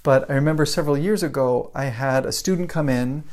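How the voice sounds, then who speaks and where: A man's voice: mid-range voice, brisk, darkish tone. Brief: male English teacher, casual live-stream talk, storytelling, keeps asking "right?".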